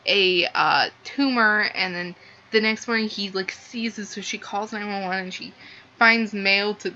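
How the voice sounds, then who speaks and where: Speaking in a mid-range voice at a measured pace, a young woman sounds bright and forceful as she gushes about a book in a casual, rambling review full of "like." The recording is lo-fi, a bit dull, with faint background noise.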